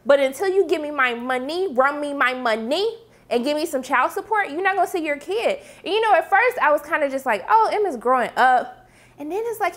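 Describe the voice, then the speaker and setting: A woman casually recapping a TV episode, acting out characters' lines in quick, animated voices. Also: high-pitched. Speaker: TV episode reviewer.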